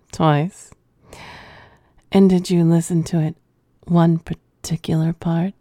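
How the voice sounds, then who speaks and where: A woman with a low, sultry, mellow voice hosts a flirty adult podcast, teasing and laughing often as she speaks. The recording is clean studio sound with no room echo.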